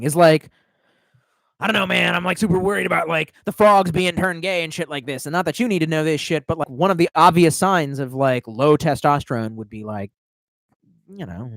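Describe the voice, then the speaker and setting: A man's voice: on the high side, no echo. Profane rambling livestreamer man. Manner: profane, rambling, laughs at own tangents. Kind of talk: rambling storytelling.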